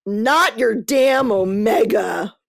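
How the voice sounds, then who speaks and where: A woman hosting a podcast, chatting casually about books she read, lively and loose, cursing freely as she goes. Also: a little high, slow pace, vocal fry, no echo, clean studio sound. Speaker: podcast host. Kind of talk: casual book review chat.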